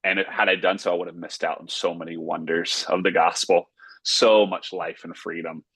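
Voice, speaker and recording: A man's voice: low-pitched, little pitch movement, normal speed, a bit bright, breathy edge, dry recording. A man from North Carolina, a pastor and author, telling a personal story earnestly in a casual interview. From Raleigh, North Carolina, US.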